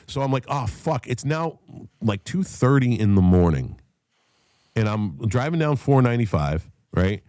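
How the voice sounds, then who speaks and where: Animated, foul-mouthed man. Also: fairly low pitch, normal speed, clear, resonant tone, dry recording, clean studio sound. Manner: animated storyteller, shouts when acting out others. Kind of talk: profane casual storytelling.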